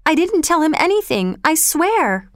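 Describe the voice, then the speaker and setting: A woman voicing a frightened young boy who pleads near tears, his voice high and trembling. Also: moderate pace, clean tone, no echo, clean studio sound, lightly acted. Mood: crying.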